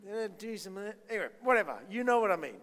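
A man's voice: sits high, lively intonation, racing, fairly bright tone, long reverb tail. A man leading a church service as pastor, giving a chatty children's talk, asking the children questions and poking fun at himself. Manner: chatty, self-deprecating, asks the children questions.

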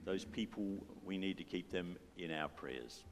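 A man's voice: sits low, unhurried, noisy background. A man leading a church service in a playful, joking way, coaxing the congregation to join in. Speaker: worship leader. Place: church hall. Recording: reverberant church hall with faint music.

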